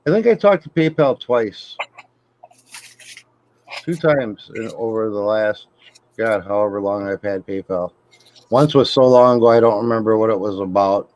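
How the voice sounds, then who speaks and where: A man with a fairly low voice, chatting casually as co-host of a hobby talk show. He tells his stories in a laid-back, amused way. The sound is dull and lo-fi. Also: normal speed, pauses often, darkish tone, dry recording. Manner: laid-back, storytelling with laughs. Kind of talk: casual chat.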